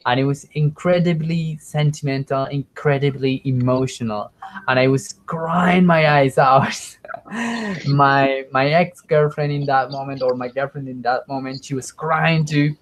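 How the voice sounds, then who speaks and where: A man chats through a story in a language class, stopping and restarting as he hunts for the right words. His voice sits at an ordinary middle pitch. It is everyday conversation practice. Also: measured pace, rough recording. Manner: hesitant, many restarts and searching for words. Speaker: English student.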